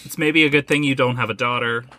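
A man's voice: medium pitch, steady tone, fast talker, pushed and bright, dry recording. A man co-hosting a podcast, teasing and joking in casual chat. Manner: teasing, jokey. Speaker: podcast co-host.

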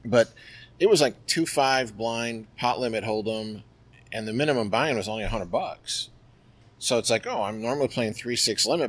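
A middle-aged man guesting on a podcast, spinning anecdotes in a loose, chatty way. He piles on fillers and keeps the story rolling. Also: on the low side. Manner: lively, chatty, filler-heavy. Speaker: guest, poker player. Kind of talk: interview storytelling.

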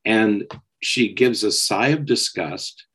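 A man co-hosting a podcast, explaining parenting advice in a steady way and often checking in with "okay?". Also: fairly low pitch, slow pace, husky, poor audio. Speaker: psychologist co-host. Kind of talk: casual podcast discussion.

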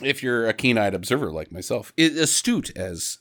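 A man's voice: medium pitch, sing-song, moderate pace, a bit bright. A man co-hosting a podcast, recapping a movie in casual, jokey chat and mimicking the characters. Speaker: podcast co-host.

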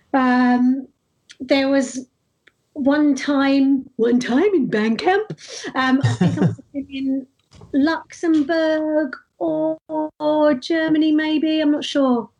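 Woman, high voice, chatty anecdotal interview guest. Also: slow. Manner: chatty, animated anecdotes with frequent restarts. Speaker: street performer guest. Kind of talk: casual interview storytelling.

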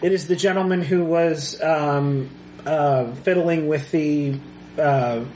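A man narrating as game master of a tabletop game, hesitant and full of pauses. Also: on the high side, fairly even intonation, darkish tone, reverberant, slight background noise, poor audio. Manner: hesitant, lots of ums.

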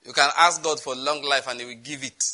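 A man's voice: mid-range voice, fairly even intonation, fairly quick, bright, forceful tone, rough recording. A man preaching a sermon on prayer, chatty and often breaking into laughter. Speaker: pastor.

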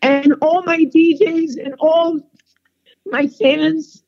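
A woman's voice: very high-pitched, steady tone, slow pace, dull audio. Emotional, tearful woman calling in. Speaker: singer calling in. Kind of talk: phone call-in interview. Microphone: phone.

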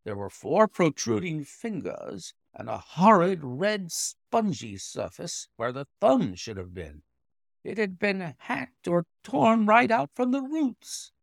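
A man reading a classic story aloud in expressive, dramatic narration. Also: sits high, takes it slowly, creaky, no echo, clean studio sound. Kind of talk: scripted audiobook narration.

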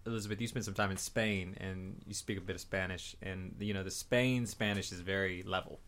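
Low-voiced joking podcast sidekick man. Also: fairly even intonation, brisk, fairly bright tone. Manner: joking, teasing questions. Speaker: co-host sidekick. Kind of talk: casual banter.

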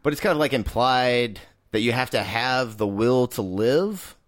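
A man's voice: mid-range voice, animated, unhurried, no room sound, studio quality. A man co-hosting a casual movie review podcast, laid-back and swearing, arguing his points. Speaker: podcast co-host.

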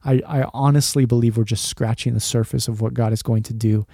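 A man's voice: medium pitch, steady tone, a little fast, creaky, mellow, no room sound, studio quality. A man in his thirties hosting a faith podcast for dads, talking in an earnest, rambling way and dropping "man" often. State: choked up, emotional. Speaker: podcast host. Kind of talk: heartfelt podcast monologue.

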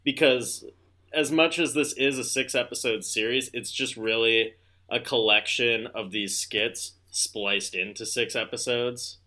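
A man's voice: medium pitch, fairly even intonation, measured pace, pushed and bright. A man hosting a casual review podcast, talking loosely with guests and swearing freely. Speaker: podcast host. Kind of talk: casual chat.

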